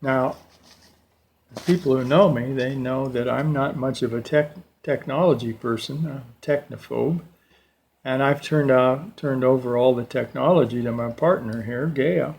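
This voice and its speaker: An older man giving a slow, reflective personal talk at a church service, telling stories with pauses. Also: medium pitch, vocal fry, a little mellow, a little hiss or hum. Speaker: church lay speaker.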